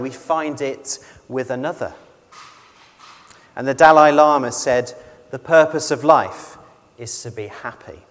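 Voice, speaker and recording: A man with a slightly raised voice gives a conversational sermon, measured and full of questions for his listeners. His voice carries a long reverb, like a big church hall. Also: on the high side. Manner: measured, asks the congregation questions. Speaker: preacher.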